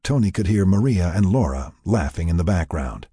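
Deep, husky male narrator, lively delivery, dry close recording. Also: normal speed, no room sound. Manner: expressive, storytelling. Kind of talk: audiobook narration.

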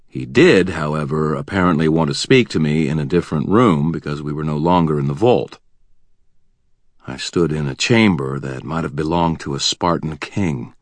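This first-person fantasy audiobook is read by a man with a very deep voice, wry and vivid in manner, with tense pacing at a normal speed. The close studio sound is fully dry, with no room sound at all.

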